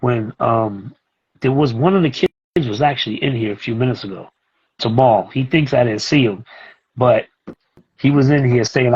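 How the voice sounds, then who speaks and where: A middle-aged man, a music producer and teacher talking as a guest in a casual interview, telling animated stories and acting out what others said. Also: mid-range voice, breathy edge, muffled recording. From Brooklyn, New York. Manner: animated, acts out other people's lines as he tells a story.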